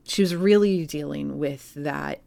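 A woman's voice: deep voice, measured pace, vocal fry, dark tone, dry recording. A woman co-hosting a podcast, telling a music history story in a casual, chatty way with plenty of fillers. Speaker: podcast co-host.

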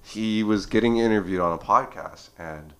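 A man in his twenties, a podcast guest, telling lively stories in casual chat with lots of "like.". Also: on the low side, moderate pace. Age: 20s. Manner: lively storyteller, heavy filler "like".

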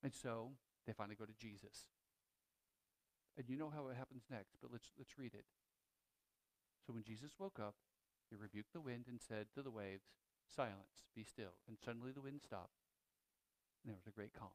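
During his sermon a male pastor retells a story at normal speed and medium pitch, leaving long pauses. His animated delivery swings between loud and hushed, with frequent restarts.

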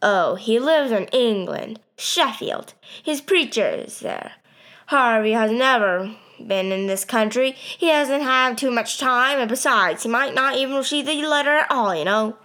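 A woman's voice: fairly high pitch, expressive, a little slow, fairly bright tone. A woman voicing a naive, eager and talkative young man in a storybook reading. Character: naive chatty young man from a small town.

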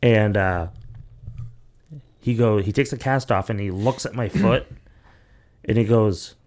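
A young man with a somewhat low voice hosts a casual podcast. He tells long, rambling stories full of "like" and "you know". He swears freely as he goes. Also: slow, a little mellow. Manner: rambling, profane storytelling full of "like". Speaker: podcast host. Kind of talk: casual chat.

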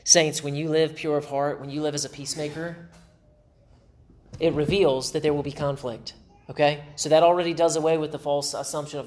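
A man's voice: fairly high pitch, steady tone, brisk, darkish tone. A male pastor preaching a sermon in an emphatic way, with dry sarcastic humor.

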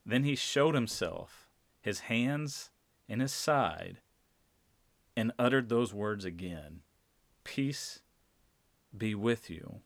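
A man preaching a sermon, speaking deliberately and repeating key phrases for emphasis. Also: on the low side, expressive, creaky, no echo. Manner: slow, deliberate, emphatic repetition.

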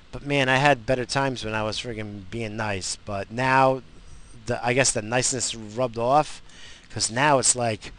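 A tired male podcast host sits alone at the mic, rambling and swearing freely as he gripes his way from one complaint to the next. His voice is medium-pitched and a bit bright, and his solo rant is loose and mock-grumpy.

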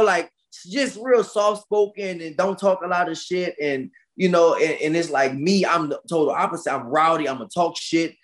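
A man's voice: fairly high pitch, moderate pace. A man who is a boxer, telling stories in a casual podcast interview, rowdy and profane with lots of slang. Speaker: boxer guest.

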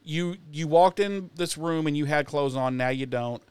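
Joking man with a smooth, slightly high voice. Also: normal speed, darkish tone, dry recording. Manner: joking, swears freely. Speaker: podcast co-host. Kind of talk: casual recap chat.

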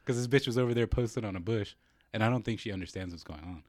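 A young man talks fast in a low voice, cursing freely while he retells a neighbor feud. He acts out the quotes with energy. The sound is close and dry, with no room echo. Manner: profane storytelling, animated quoting. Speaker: podcast co-host. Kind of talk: casual chat.

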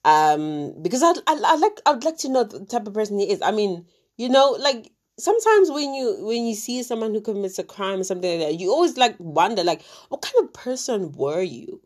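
A woman's voice: mid-range voice, very animated, fairly quick, a little mellow. A woman from Africa, casually retelling a true crime story with many fillers and asides.

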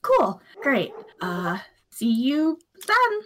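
A woman voicing an awkward, guarded young man who speaks haltingly and a bit shyly. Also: high-pitched, wildly swooping pitch, fairly bright tone, slight background noise, pitched above the performer's own voice, exaggerated voice. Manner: halting, awkward, swears casually.

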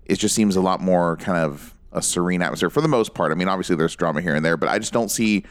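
Man, lowish voice, rambling casual chat, dry close sound. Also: quick pace, dry recording. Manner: musing, rambling.

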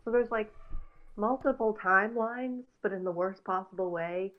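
Over a tinny, phone-like line, a woman co-hosts a casual podcast in a mid-range voice at normal speed. She rambles and gives opinions, using lots of fillers.

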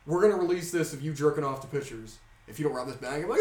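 Animated, swearing young man, off mic. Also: a little high, fast, far from the mic. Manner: animated storyteller, heavy swearing, laughs often. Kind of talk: casual chat. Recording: roomy sound from off mic.

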